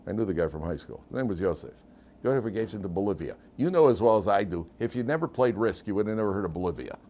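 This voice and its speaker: Deep-voiced older rabbi telling stories. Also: male voice, expressive, quick pace, dark tone. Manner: anecdotal, self-deprecating storyteller. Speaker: rabbi and yeshiva teacher. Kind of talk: humorous lecture with stories.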